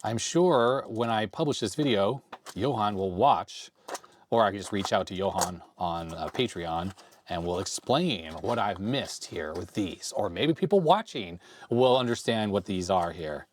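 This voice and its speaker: A man in his forties with a slightly hoarse voice from a cold, casually thinking aloud as he tinkers with retro computer hardware. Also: lowish voice, expressive, a little slow, a little hiss or hum. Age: 40s. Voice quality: slightly raspy. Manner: rambling, thinks aloud while handling hardware. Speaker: retro computer video host. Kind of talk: casual hands-on tech vlog. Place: home workbench.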